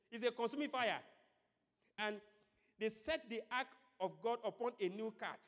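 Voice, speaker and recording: High-voiced male preacher in a reverberant hall. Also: a little slow, fairly bright tone. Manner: preaching with playful acted-out quotes and chuckles. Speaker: pastor. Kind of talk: sermon.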